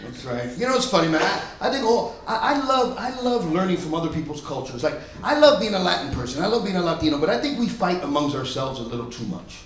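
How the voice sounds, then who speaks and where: A male stand-up comedian telling stories in a loud, punchy way on a club stage. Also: sits high, very animated, quick pace, hardly any pauses. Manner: loud, punchy storytelling, often laughing. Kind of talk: stand-up set. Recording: echoey club room.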